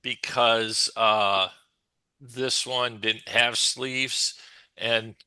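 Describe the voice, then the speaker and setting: A man on a group video call who talks haltingly, with lots of fillers and restarts. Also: mid-range voice, steady tone, pushed and bright, smooth, dry recording. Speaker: workshop participant.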